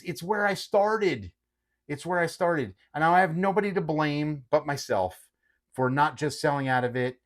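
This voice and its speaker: Animated man talking stock charts. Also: mid-range voice. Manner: animated, repeats okay often. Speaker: host. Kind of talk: casual market commentary.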